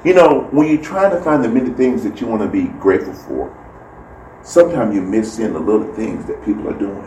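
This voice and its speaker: Man, storytelling faith talk, lively rising and falling voice, roomy and distant sound, faint background hiss. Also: lowish voice, a little fast. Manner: animated storytelling, acts out quoted voices. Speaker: speaker sharing a devotional story. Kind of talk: casual faith talk with anecdote.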